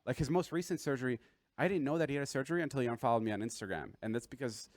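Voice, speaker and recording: A man on a podcast, speaking defensively with frequent halting restarts. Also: mid-range voice, dry recording. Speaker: podcast host. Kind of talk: casual podcast talk.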